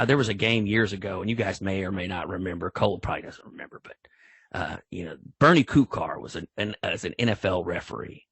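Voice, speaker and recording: An older man, speaking as a football official in a training talk. His husky voice rambles in a folksy way, with lots of restarts. The sound is close and dry. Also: lowish voice, fairly bright tone, no echo. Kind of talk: storytelling in an online training talk.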